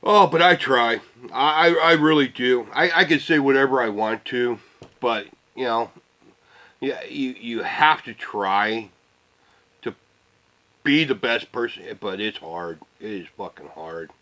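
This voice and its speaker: A middle-aged man rants to camera in a loose, rambling way. He curses through almost every sentence and lets his thoughts sink into quiet, low mutters. His voice sits at an ordinary mid-range pitch for a man. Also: a little slow, poor audio. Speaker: vlogger. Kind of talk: casual rant to camera.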